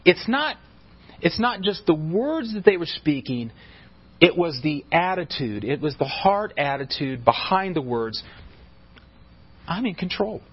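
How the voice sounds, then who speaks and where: A man with a husky, somewhat high voice delivers an emphatic sermon. He keeps tripping over words and repeating himself before pressing on. The recording is dull and lo-fi, like church audio. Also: very animated, unhurried. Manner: emphatic preaching with frequent stumbles and repeated words. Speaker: pastor.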